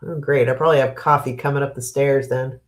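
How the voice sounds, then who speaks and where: A woman's voice: rumbling low, fairly even intonation, quick pace. A woman hosting a casual live stream, chatting, reading out viewer comments, laughing often and giving frank opinions on the news. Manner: frank and opinionated on current events.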